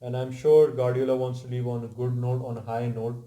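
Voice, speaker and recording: A man trades football opinions in a relaxed panel chat, his voice dark and mellow. His pitch stays flat and even. The sound carries the echo of a roomy space. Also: fairly quick. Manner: talks over others, restarts phrases. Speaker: football pundit.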